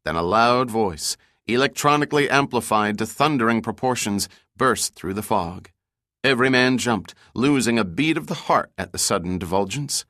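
A man giving measured, scripted audiobook narration of an adventure novel. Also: mid-range voice, no echo, clean studio sound. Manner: even, measured storytelling.

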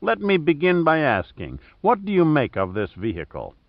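A man voicing a wry, sharp-eyed male adventurer who talks in a teasing, mock-formal way, in an audiobook reading. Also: on the high side, wildly swooping pitch, normal speed, no room sound, voice pushed up. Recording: dry, slightly dull audio.

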